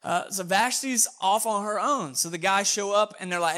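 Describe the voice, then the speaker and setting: A man's voice: high voice, normal speed, sharp tone. A man preaching a sermon in a casual, joking, conversational way. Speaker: pastor.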